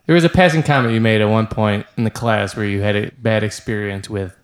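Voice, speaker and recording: A man's voice: on the low side, fairly quick. Man, co-host, dry quips, roomy echo. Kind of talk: casual podcast chat.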